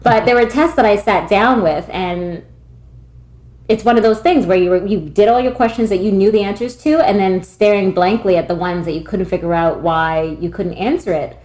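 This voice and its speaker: A woman's voice: medium pitch, moderate pace, a little mellow. A woman in her thirties from Canada, chatting candidly as a podcast guest and poking fun at herself. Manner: candid, self-deprecating, laughs often. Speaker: podcast guest, admin staff at a tutoring studio. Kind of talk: casual interview chat. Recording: roomy echo.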